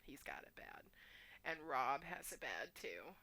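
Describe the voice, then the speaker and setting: A woman's voice: rumbling low, very animated, pushed and bright. A woman from the United States co-hosting a casual podcast, chatty and full of "like". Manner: chatty, full of "like" and quick laughs. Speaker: podcast co-host. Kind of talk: casual chat.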